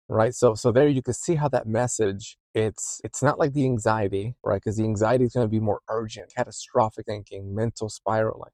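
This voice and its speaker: A man's voice: on the low side, steady tone, moderate pace, no room sound. A man working as a therapist hosts a podcast, explaining ideas in a conversational way and often checking in with "right?". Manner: grows quieter and softer when describing intuition.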